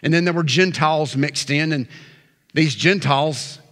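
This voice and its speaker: A man preaching a sermon as pastor, emphatic, slowing down and pausing on key words. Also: a little high, a bit bright. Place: church sanctuary. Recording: church sanctuary reverb.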